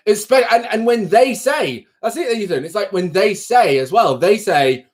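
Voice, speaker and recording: Man, live stream host, coach, frank casual rant, slightly high voice. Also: expressive, normal speed. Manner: frank, ranting, talks straight to viewers.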